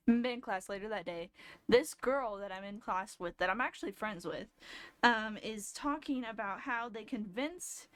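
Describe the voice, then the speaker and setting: A woman's voice: medium pitch, a bit bright. A young woman streamer casually telling a rambling personal story, often laughing as she goes.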